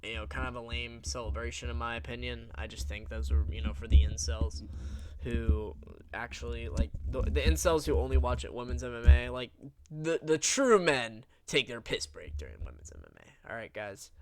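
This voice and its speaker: A man's voice: medium pitch, moderate pace, no echo. A young man talking through a fight recap in a loose, rambling way, blunt and joking crudely. His voice sits mid-range and sounds dry and close, with no room around it. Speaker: MMA recap host. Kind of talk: casual commentary.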